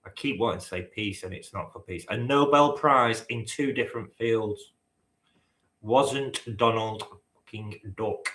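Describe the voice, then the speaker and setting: Hosting a live-stream quiz, a man with a lowish, slightly bright voice speaks at a measured pace. He banters with the chat, teasing and casually swearing, and the room gives his voice a noticeable echo.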